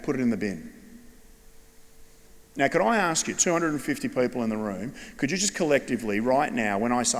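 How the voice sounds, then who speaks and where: A middle-aged Australian man giving a conference keynote to a large audience, telling stories in a lively way. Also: mid-range voice. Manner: animated storyteller addressing a large audience. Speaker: education speaker. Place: large hall with long reverb. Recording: long echo of a big hall.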